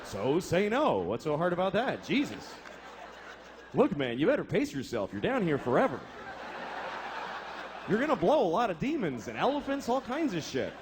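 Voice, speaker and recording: A man's voice: sits high, wildly swooping pitch, normal speed, pauses often, background noise. A man playing a casual, annoyed overseer of hell who scolds in a laid-back way. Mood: scolding.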